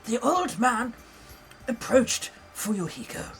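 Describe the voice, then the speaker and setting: A man voicing an old male magician storyteller with an English accent and a drawn-out, over-accentuated old man's voice. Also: very high-pitched, sing-song, vocal fry, a bit bright, soft background music, voice pushed up, full character voice. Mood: grand narrating.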